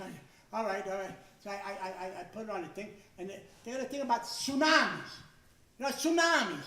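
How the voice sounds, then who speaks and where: Older male stand-up comic, very high bright voice, heard from a distance in an echoey room. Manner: loud, animated, stammering restarts, shouted punchlines. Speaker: stand-up comedian. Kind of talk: stand-up comedy routine.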